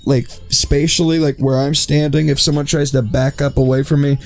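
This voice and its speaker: Male streamer, fairly high creaky voice, rambling joker who says bro constantly; faint music underneath. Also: little pitch movement, normal speed. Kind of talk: casual livestream chat in a social game.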